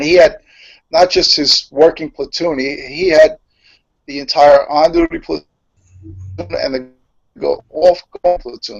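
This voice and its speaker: Halting New fire chief recalling. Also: male voice, mid-range voice, creaky, dry recording. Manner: slow, halting with many fillers. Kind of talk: emotional storytelling. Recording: muffled lo-fi web call audio.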